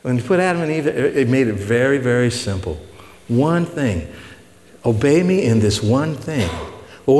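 This pastor's voice is mid-range and a little mellow, carried by long hall reverb. He teaches from the Bible in a conversational sermon, folksily asking his congregation questions.

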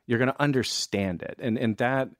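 A man, a film director, talking in a relaxed, thoughtful way with many restarts. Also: mid-range voice, normal speed, no room sound, clean studio sound. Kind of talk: casual conversation.

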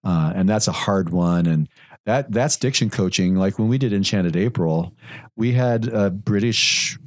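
A man's voice: lowish voice, measured pace, no room sound, clean studio sound. A man co-hosting a theatre podcast, talking in casual chat and often trailing off and restarting his sentences. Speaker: podcast co-host, theatre director.

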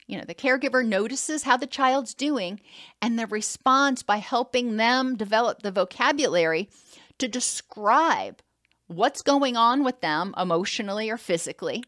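A woman's voice: on the high side, fairly bright tone, dry recording, studio quality. A woman giving an educational talk on child attachment, explaining steadily and acting out what a caregiver might say. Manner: explanatory, acts out caregiver quotes, some restarts.

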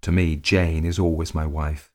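A ruined gentleman speaks in a deep, grim, sullen voice, as a man reads him, brooding and curt, with bursts of anger in a storybook telling. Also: little pitch movement, normal speed. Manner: sullen and grim, flaring into rage.

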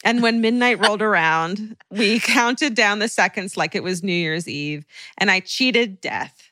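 A woman co-hosting a podcast, reading a listener's story aloud in a casual, animated way, swearing and laughing often. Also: mid-range voice, measured pace. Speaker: podcast co-host.

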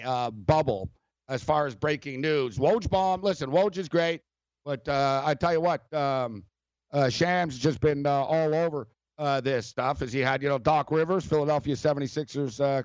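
Male sports radio host, fairly high voice, rambling and animated; dry, slightly muffled sound. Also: normal speed, no echo. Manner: rambling, animated, laughs often, many fillers. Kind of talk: casual sports talk.

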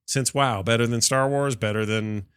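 A man's voice: medium pitch, fairly even intonation, normal speed, fairly bright tone, smooth, dry recording. A man chatting on a gaming podcast, rambling eagerly and restarting his sentences with plenty of fillers. He sounds a bit stuffy from allergies, and his voice sits mid-range. The studio mic is close and dry. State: sneezy, coughing from allergies. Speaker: podcast co-host. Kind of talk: casual gaming podcast chat. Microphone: studio mic with cough switch.

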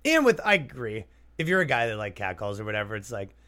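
A man's voice: on the low side, big pitch swings, fast, pushed and bright. A young man hosting a comedy podcast, chatting loosely and jokingly, slipping into exaggerated mock voices. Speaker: podcast host. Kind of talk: casual comedic podcast riffing.

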